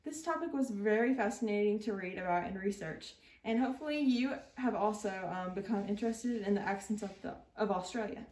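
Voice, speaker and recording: A woman's voice: mid-range voice, brisk, few pauses, darkish tone, recorded from a distance. A young woman reading a class presentation, hesitant, with many ums and restarts. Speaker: student presenter. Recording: roomy echo, a little off mic.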